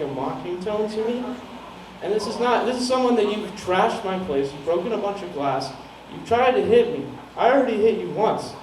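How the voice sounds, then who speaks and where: A young man tells a rambling, profane stand-up story with a high, light voice, chuckling at his own lines. The sound is distant and roomy, with a low hiss under it in a small comedy venue. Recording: echoey room, mic heard from far off, some noise.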